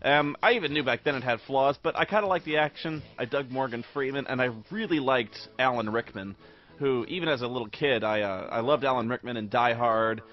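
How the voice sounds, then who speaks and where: A man's voice: medium pitch, fairly quick. An American man giving a casual, rambling commentary as a game reviewer, with a sarcastic edge. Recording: dull lo-fi recording with faint music.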